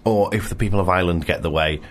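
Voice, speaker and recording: A man's voice: deep voice, fast. A man co-hosting a radio show in a studio, chatting casually with a wry, teasing manner. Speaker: radio co-host.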